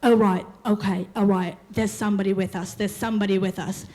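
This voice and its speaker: A woman voicing a young male medium who speaks slowly and haltingly from a trance. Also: mid-range voice, steady tone, dark tone, voice pushed down, close to an everyday voice.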